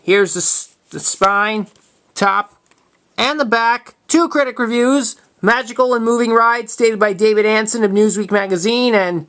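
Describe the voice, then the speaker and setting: Halting young man showing his tapes. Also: high-pitched, fairly bright tone, smooth. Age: 20s. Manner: halting, restarts words, plain matter-of-fact tone. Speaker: video collector showing tapes. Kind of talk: casual show-and-tell vlog.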